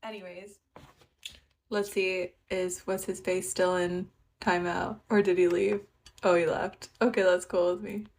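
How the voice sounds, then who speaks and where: A woman's voice: on the low side, flat delivery, measured pace, gravelly, a little mellow. A young woman from Canada hosting a livestream, telling a story with lots of giggling and thanking viewers between lines. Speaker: livestream host. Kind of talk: casual livestream chat.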